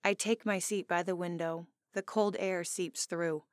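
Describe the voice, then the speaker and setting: A woman narrating a first-person romance audiobook in an expressive, emotional way, on a close studio mic. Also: lowish voice, unhurried, no room sound.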